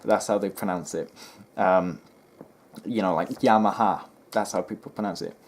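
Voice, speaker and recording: Dude with a real low voice, rambly and a bit fed up, um-ing a lot while he talks to his viewers. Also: steady tone, moderate pace, a little mellow, a little hiss or hum. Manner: chatty and exasperated, lots of ums and restarts. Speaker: history video host. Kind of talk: casual rambling commentary to camera.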